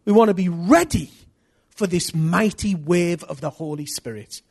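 A man preaching a sermon, swinging from hushed, earnest lines to loud rallying questions to his congregation. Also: high voice, normal speed, vocal fry.

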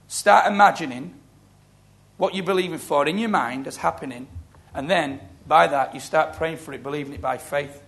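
A middle-aged man delivers a sermon as a storyteller, his voice gravelly and pitched a little high for a man. He acts out the people in his stories as he goes. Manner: storytelling, animated, acting out quoted voices. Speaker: preacher. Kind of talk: sermon with testimony.

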